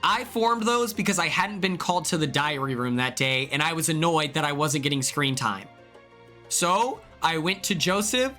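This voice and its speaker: A young man from Oklahoma talks through his stream in a loose, rambling way, full of ums and likes, now and then jumping up in excitement. His voice sits a little high and sounds bright and sharp. Soft music plays underneath. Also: normal speed. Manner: rambling, filler-heavy, with sudden excited outbursts. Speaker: streamer, former reality show contestant. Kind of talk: casual livestream chat.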